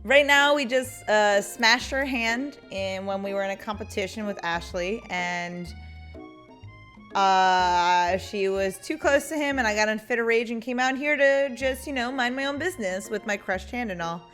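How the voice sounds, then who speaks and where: A woman's voice: medium pitch, moderate pace, a bit bright, soft background music. A young woman casually commenting as she plays a dating game, chatty with wry asides. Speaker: gaming streamer.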